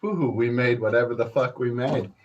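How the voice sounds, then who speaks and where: The audio is dull, carrying a mid-range, somewhat mellow male voice that moves a little fast. As a podcast host, he tells meandering stories by himself with a casual, foul-mouthed ease, chuckling and calling listeners folks.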